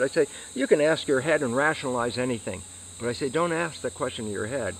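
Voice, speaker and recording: A man's voice: medium pitch, fast talker, a little hiss or hum, low-quality recording. A man, an interview guest, explaining science and acting out his own questions and answers. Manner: animated, acts out questions and answers to himself.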